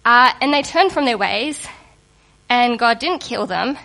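A woman giving a sermon to a congregation in a lively, conversational and humorous way, just getting over a cold. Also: fairly high pitch, a little slow, vocal fry. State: recovering from a cold. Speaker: preacher.

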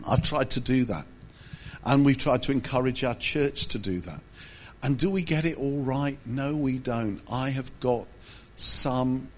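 A man pastor giving a humorous sermon, telling self-deprecating stories with asides. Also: medium pitch. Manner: self-deprecating storytelling with jokes.

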